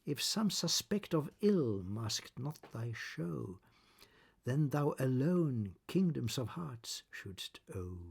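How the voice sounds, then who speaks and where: A man reading sonnets aloud in a measured, deliberate recitation. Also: mid-range voice, creaky, darkish tone, breathy edge. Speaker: poetry reader.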